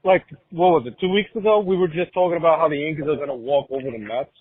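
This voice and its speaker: Husky-voiced man on a tinny line. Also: fairly high pitch, fast, dry recording. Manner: joking, rambling with fillers. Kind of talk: casual chat.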